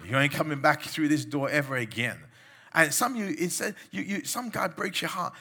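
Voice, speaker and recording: A man's voice: high-pitched, pushed and bright. A man preaching a sermon, exhorting his listeners with emphatic commands and mimicking the people he mocks.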